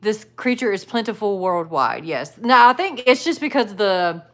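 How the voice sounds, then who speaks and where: A woman's voice: mid-range voice, sing-song, normal speed, a bit bright. A woman with a Southern US accent chatting casually and bluntly on a live stream, full of "like" and "you know". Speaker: live streamer reacting to videos and chat.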